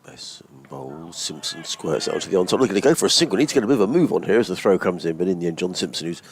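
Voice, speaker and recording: Male radio cricket commentator, low register, brisk calls of each ball. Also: expressive. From England.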